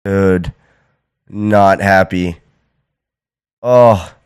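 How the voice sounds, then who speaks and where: A man's voice: low-pitched, steady tone, drawn-out words, darkish tone, clean tone, no echo. A young American man hosting a podcast, rambling casually with lots of fillers and restarts. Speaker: podcast host.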